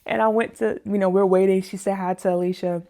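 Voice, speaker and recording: A woman in her thirties, a personal chef, casually telling a story to her viewers, animated and laughing often. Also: quick pace. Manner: animated, laughs often, acts out other people's lines in a higher voice. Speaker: plant-based personal chef and vlog host.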